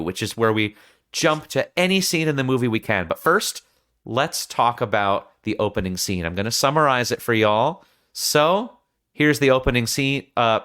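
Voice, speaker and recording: A man hosting a film podcast who retells scenes in an animated way and acts out the quotes. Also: mid-range voice. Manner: animated storytelling with acted-out quotes. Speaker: podcast host.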